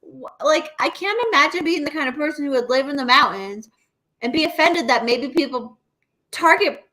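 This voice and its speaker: Animated, foul-mouthed young woman chatting. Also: high voice, normal speed. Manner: animated, profane, storytelling. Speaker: podcast co-host. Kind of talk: casual chat.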